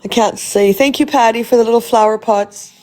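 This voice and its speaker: A woman speaks a bit higher than most, voice raised and combative as she rants to her livestream viewers. She swears freely and speaks straight into her phone. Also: brisk, dark tone. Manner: heated, profane, confrontational. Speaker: livestream host. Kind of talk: casual livestream rant.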